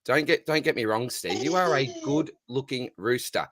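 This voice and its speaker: A man's voice: mid-range voice, expressive, normal speed, fairly bright tone, slight background noise. A young Australian man, a teacher by day, chatting casually and cheerfully on a live stream, dropping "mate" into nearly every sentence. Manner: upbeat, says "mate" constantly. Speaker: fantasy sports podcaster, guest.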